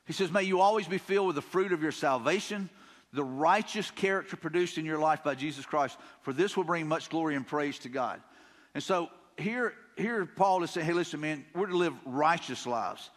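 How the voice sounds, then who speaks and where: Southern pastor, folksy and high-voiced. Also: male voice, normal speed, fairly bright tone, long reverb tail. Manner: conversational, folksy, repeats himself, paraphrases scripture casually. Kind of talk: sermon. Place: church sanctuary.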